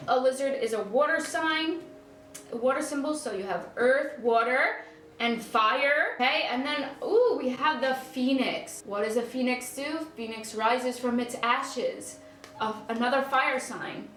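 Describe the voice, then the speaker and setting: A woman's voice: high voice, a bit bright. A woman giving a casual spiritual card reading to viewers, effusive and gushing, often repeating herself. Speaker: tarot card reader. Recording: echoey room with faint background noise.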